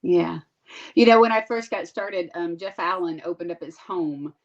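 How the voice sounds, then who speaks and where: A woman's voice: on the low side, moderate pace. A woman co-hosting a podcast, asking long rambling questions with many fillers. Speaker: podcast co-host. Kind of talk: casual podcast interview. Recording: dull lo-fi sound.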